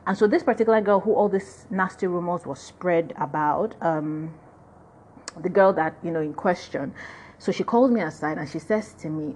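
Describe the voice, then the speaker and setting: Nigerian woman chatting thru a story from her school days, lowish voice, lots of you know and like. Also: normal speed, a little mellow, a little hiss or hum. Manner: chatty, full of "you know" and "like", laughs at herself. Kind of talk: casual personal storytelling.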